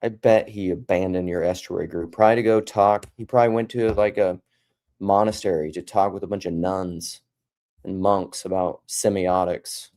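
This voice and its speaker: A man's voice: low voice, moderate pace, a little mellow. A man talking casually from home on a live stream, rambling and joking between serious points. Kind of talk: casual livestream monologue.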